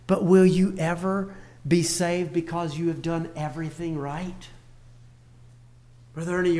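An older man preaching a sermon in a folksy way, repeating his phrases and swinging between soft and loud. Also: on the high side.

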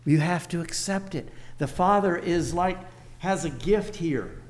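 An older man preaching a sermon in a folksy way, repeating his phrases and swinging between soft and loud. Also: on the high side, unhurried.

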